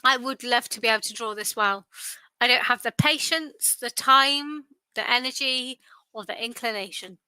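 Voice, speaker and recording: A woman's voice: on the high side, normal speed, bright, forceful tone, clear, resonant tone, no echo, rough recording. A tired woman hosting a live quiz, chatty and self-deprecating. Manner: chatty, self-deprecating, sing-song repetition. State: tired, yawning. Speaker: quiz host. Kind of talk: casual quiz livestream chat.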